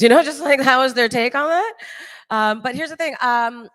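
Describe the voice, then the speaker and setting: A woman in her late thirties doing a live stand-up set on stage, chatty and animated, laughing at her own jokes. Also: high-pitched, moderate pace, in a large hall. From Toronto, Canada. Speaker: stand-up comedian. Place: stage in a large hall with an audience.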